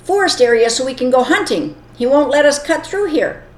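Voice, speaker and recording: A woman's voice: high-pitched, animated, fairly quick, voice pushed up. A woman voicing a pushy grown huntsman who talks in a raised, demanding voice, in an echoey room.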